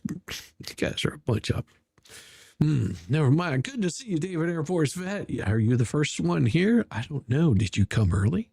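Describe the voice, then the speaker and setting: A man's voice: a little high, expressive, normal speed, creaky, a little mellow, slightly rough, no echo, studio quality. A man hosting a casual livestream, greeting viewers by name and mocking his opponents in a rambling way. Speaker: livestream host.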